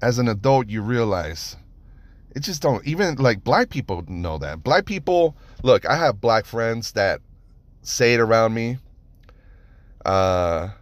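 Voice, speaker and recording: A man hosting a podcast, telling stories in a casual monologue, animated and profane, with lots of rhetorical questions. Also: medium pitch, measured pace, no room sound. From United States (Nevada). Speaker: podcast host.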